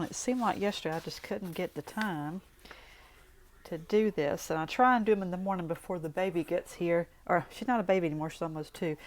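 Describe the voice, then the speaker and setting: A woman with a Southern US drawl walks through her craft project in a relaxed, folksy tutorial. Her speaking voice sits on the low side, and she drifts into friendly, rambling asides as she works. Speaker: card-making vlogger.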